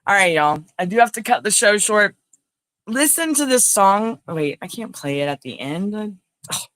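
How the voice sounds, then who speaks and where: A woman's voice: mid-range voice, sing-song, normal speed, a bit bright, dry recording. A woman hosting a casual livestream, chatting in a rambling way and greeting viewers by name. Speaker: livestream host. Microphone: phone.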